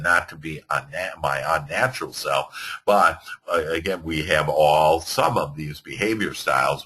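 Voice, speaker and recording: A man teaching a motivational seminar to a class, rambling and animated, laughing often. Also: rumbling low, slightly rough. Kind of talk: motivational lecture.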